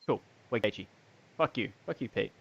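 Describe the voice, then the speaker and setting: Lively, swearing podcast co-host man. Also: lowish voice, normal speed, gravelly, highs cut off, noisy background. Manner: swears freely, laughs often, ticks off lists of names. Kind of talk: casual chat.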